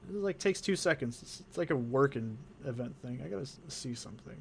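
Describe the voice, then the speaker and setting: A man's voice: medium pitch, lively intonation, quick pace, gravelly, hardly any pauses, breathy edge. A man hosting a game let's play, chatting casually in a rambling, profane, joking way. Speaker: gaming channel host.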